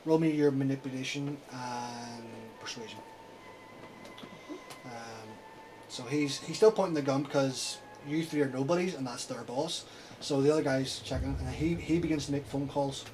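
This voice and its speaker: Calm male game master. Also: medium pitch, moderate pace, noisy background. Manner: calm descriptive narration. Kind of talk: narrating a tabletop game.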